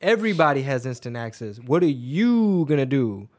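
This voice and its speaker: A man's voice: medium pitch, very animated, moderate pace. A man hosting a casual interview, laid-back and slangy, telling stories in an easy way. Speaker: host.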